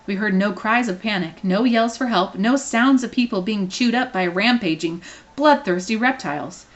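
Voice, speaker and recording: A woman reading a children's novel aloud, expressive and playful. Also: medium pitch, moderate pace. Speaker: reader.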